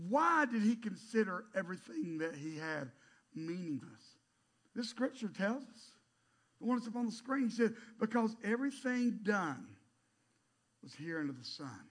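A middle-aged male pastor preaching a sermon in an animated way, swinging from loud emphatic bursts to hushed asides. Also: sits high, moderate pace.

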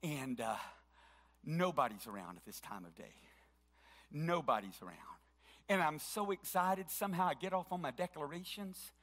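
A middle-aged man preaching with a high, bright, forceful voice. He declares scripture with fervent conviction and now and then slips into a chanted rhythm. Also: expressive, normal speed. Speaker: pastor. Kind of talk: sermon.

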